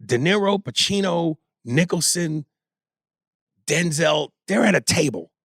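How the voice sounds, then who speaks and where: A man co-hosting a podcast in casual chat, talking in an animated, emphatic and profane way. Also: a little high, unhurried, no room sound, clean studio sound. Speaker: podcast co-host.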